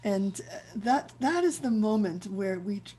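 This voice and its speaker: A woman's voice: mid-range voice, lively intonation, a little slow, warm tone, husky. A woman rabbi giving a reflective spiritual teaching on a video call, searching for words and repeating herself as she thinks aloud. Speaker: rabbi leading a chant session.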